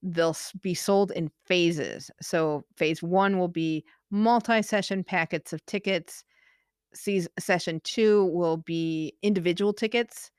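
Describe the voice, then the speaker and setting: A woman co-hosting a podcast, reading out news updates in a careful, measured way and laughing easily between items. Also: fairly low pitch, a little mellow, clear, resonant tone, no room sound, studio quality. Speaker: podcast co-host. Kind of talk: casual news chat.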